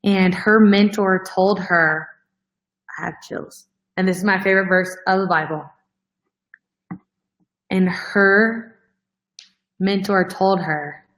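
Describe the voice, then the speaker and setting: A woman's voice: medium pitch, steady tone, slow pace, long pauses, a bit bright, rough recording. Earnest, emotional woman talking with fillers. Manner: earnest, heavy use of "like" as filler; emotional, close to tears. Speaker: host of a fitness coaching show. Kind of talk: casual heartfelt talk to followers.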